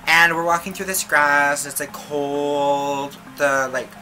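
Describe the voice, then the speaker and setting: A woman's voice: sits low, flat delivery, slow, sharp tone, rough recording. A young woman vlogger telling a casual storytime, chatty and swearing, with constant filler words. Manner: chatty, filler-heavy, profane. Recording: music playing behind the voice.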